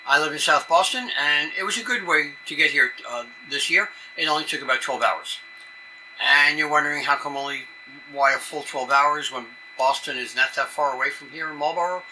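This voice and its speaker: An older man from New York City gives a conference presentation in a chatty, meandering way, with a steady mid-range voice. A clear layer of background noise runs under his voice. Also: medium pitch, low-quality recording. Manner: chatty, rambling asides. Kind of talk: conference talk. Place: conference room.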